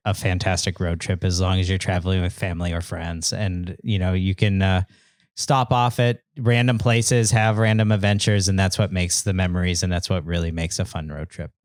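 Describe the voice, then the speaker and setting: A man with a lowish voice trading jokes in a casual podcast chat. The sound is dry and close to the mic. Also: fairly even intonation, normal speed, dry recording. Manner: joking, tells corny jokes. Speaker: podcast co-host. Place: podcast recording room.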